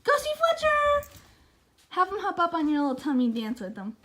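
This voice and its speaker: High, sing-song young woman. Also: wildly swooping pitch, moderate pace, sharp tone. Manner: sing-song baby talk with lots of praise and laughing. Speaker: vlogger. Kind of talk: casual home video, talking to her dog. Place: home living room.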